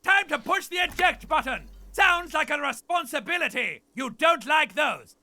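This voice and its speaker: A man's voice: very high voice, animated, normal speed, full character voice. A man voicing a reckless talking male necktie that eggs on the hero in a game dub. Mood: gleeful. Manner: shouting, egging on.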